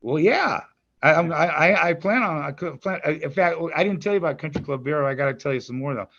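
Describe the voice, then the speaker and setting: A man's voice: fairly high pitch, lively intonation, a little fast, gravelly, fairly bright tone, highs cut off. An older man, a grandfather and musician, chatting in an interview, rambling with restarts and stammers. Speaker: musician guest. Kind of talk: casual interview chat.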